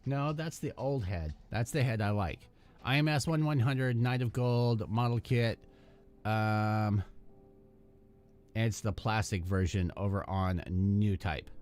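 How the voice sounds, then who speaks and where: A man's voice: fairly low pitch, slow pace, darkish tone. A man hosting a live hobby stream, chatting loosely with lots of fillers and half-finished thoughts while building a model kit. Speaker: hobby channel host.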